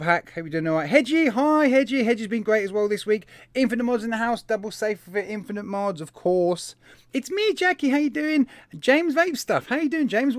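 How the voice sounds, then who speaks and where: A man's voice: high voice, dry recording. A man hosting a live stream, chatting in a casual, upbeat way and greeting viewers one by one. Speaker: host of a vaping live stream.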